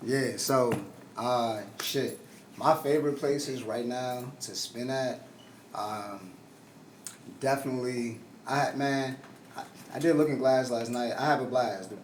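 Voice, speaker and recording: A man's voice: medium pitch, fairly even intonation, slow pace. Laid-back DJ guy, echoey distant mic. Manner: laid-back, loose, swears and says bruh. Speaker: DJ guest. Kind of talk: casual podcast chat. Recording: echoey room, distant mic, faint noise.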